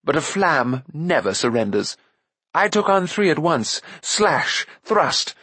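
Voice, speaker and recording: A man voicing a boastful, excitable male bard who tells a swaggering battle tale in an audiobook. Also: fairly high pitch, takes it slowly, breathy edge, no room sound, pitched above the performer's own voice, heavily acted. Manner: swaggering, dramatic storytelling.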